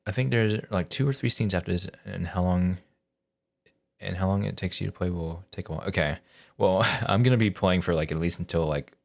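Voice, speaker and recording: A man with a notably low voice talks casually to his stream while playing a story game. He thinks aloud, hesitating and restarting his sentences often. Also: a little fast, vocal fry. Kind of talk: casual live-stream commentary.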